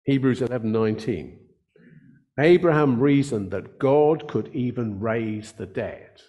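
An older man preaching a sermon, earnest in tone, slowing down to stress key words. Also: mid-range voice, mellow. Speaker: pastor.

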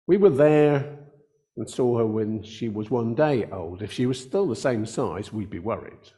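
Older man, pastor, earnest sermon delivery, slows to stress key words. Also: mid-range voice, expressive, mellow.

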